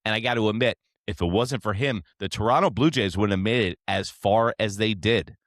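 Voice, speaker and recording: A man hosting a sports show, ranting in a brash, profane, excitable way. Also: lowish voice, fairly quick, no echo, clean studio sound. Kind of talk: fired-up sports reaction rant.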